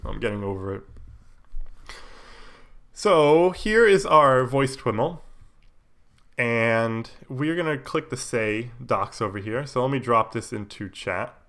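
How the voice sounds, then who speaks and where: A man's voice: mid-range voice, takes it slowly, pauses often. Man with a cold explaining code. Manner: relaxed, explains while typing, many fillers. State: has a cold, coughing. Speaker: live coding streamer. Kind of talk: casual live coding tutorial.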